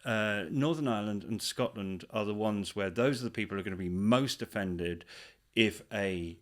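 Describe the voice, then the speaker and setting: A man's voice: on the low side, normal speed. A man co-hosting an audiobook review podcast, chatting in a playful, self-deprecating way. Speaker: podcast co-host. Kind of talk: casual chat.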